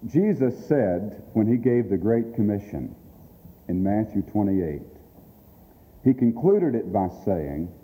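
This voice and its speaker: Slow, dark-voiced man preaching earnestly. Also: on the low side, sing-song, a little hiss or hum. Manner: earnest, emphatic repetition with drawn-out pauses. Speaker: ministry leader speaking on radio outreach. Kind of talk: sermon-style address. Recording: long hall reverb.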